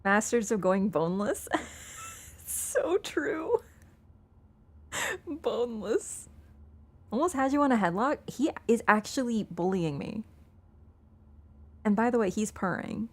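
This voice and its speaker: A woman's voice: medium pitch, expressive, normal speed. A woman game streamer in casual live-stream chat, playful and chatty, talking to her cat between lines and laughing easily. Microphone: wearing an earbud headset.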